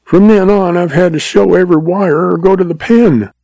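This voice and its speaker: A cringing little telegraph agent blubbers and pleads in a high, shaky voice, as a man reads him out. His words crack upward with a gravelly edge underneath. It sounds dry and close, like a storybook reading. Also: normal speed, warm tone, no echo, lo-fi sound, full character voice. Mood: terrified pleading. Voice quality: quavering, blubbering.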